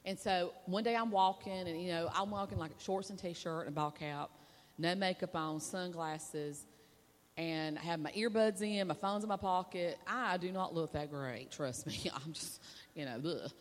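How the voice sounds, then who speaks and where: A woman's voice: on the low side, moderate pace. A woman, a preacher's wife, delivering a sermon in a chatty, conversational way with asides to the audience. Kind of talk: sermon with personal storytelling. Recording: long reverb of a large hall.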